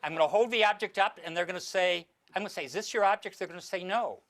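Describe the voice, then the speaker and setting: A man's voice: high voice, rapid-fire, a bit bright. A man performing mentalism on stage, giving the audience theatrical instructions and sometimes stumbling over his words.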